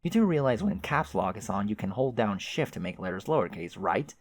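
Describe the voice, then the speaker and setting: A man putting on a smug narrator voice that talks down to the listener, calm and sarcastic, raised a little above his usual pitch. The recording is dry and close. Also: brisk, breathy edge, no echo. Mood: condescending. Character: smug, condescending male narrator voice in a head.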